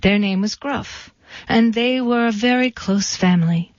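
A woman reads a storybook in a dry, deadpan style. Her voice sits a little high. The recording is dull and dry. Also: unhurried, no room sound. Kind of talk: storybook reading.

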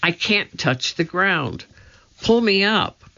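A woman's voice: medium pitch, animated, slow pace, gravelly, bright, forceful tone, pitched above the performer's own voice, exaggerated voice. A woman voicing a cautious, anxious young boy who calls out in short lines, in a slightly dull lo-fi recording. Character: cautious bespectacled boy, the older brother.

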